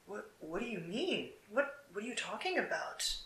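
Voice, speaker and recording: Older father, bewildered, insistent, bright tone, roomy echo, voiced by a storyteller. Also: medium pitch, very animated, moderate pace. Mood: puzzled. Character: puzzled older father of the bride. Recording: echoey room.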